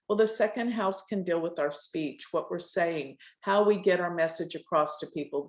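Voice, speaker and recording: Carefully enunciating middle-aged woman, echoey room. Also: medium pitch. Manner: clearly enunciated, carefully stressed words. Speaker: astrology teacher. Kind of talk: lecturing a live astrology class.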